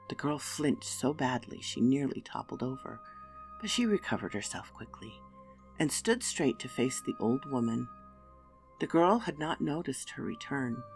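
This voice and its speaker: A woman narrating a dark fairy tale slowly and quietly, sometimes dropping to a whisper, over faint music. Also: low voice, vocal fry. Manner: slow, hushed, dropping to whispers. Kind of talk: scripted horror story narration.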